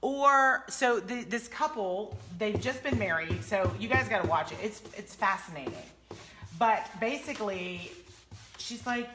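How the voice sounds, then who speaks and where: A woman's voice: mid-range voice, measured pace, a bit bright, faint music behind. A woman hosting a furniture painting livestream, chatting casually and telling stories with animation.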